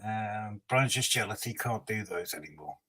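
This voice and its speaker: A man's voice: fairly low pitch, expressive, normal speed, pushed and bright, slightly rough, low-quality recording. A man hosting a casual livestream, reading out viewer comments and teasing them in a chatty way. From Scotland. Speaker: livestream host.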